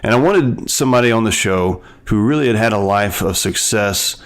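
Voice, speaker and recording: Low-voiced podcast host from Tennessee. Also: male voice, animated, normal speed. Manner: earnest, conversational, with small restarts. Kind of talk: casual interview.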